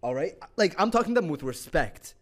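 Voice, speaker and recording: Animated young man telling a story. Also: a little high, a little fast. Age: young adult. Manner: animated, swears a lot, acts out quotes. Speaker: podcast co-host. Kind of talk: casual storytelling chat.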